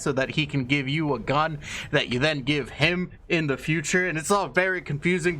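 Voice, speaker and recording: A man's voice: fairly high pitch, pushed and bright. Young guy rambling thru a story, swears a lot, lots of uhs, faint hiss behind. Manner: loose, irreverent, swears freely, many fillers. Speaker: video host. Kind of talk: casual rambling explanation.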